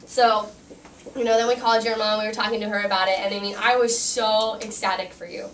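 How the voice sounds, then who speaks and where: A woman's voice: medium pitch, little pitch movement, quick pace, fairly bright tone. Young woman giving a chatty wedding toast. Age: young adult. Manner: chatty, giggly, many likes and restarts. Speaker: maid of honor giving a wedding speech. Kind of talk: wedding toast, personal stories. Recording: distant mic with faint room noise.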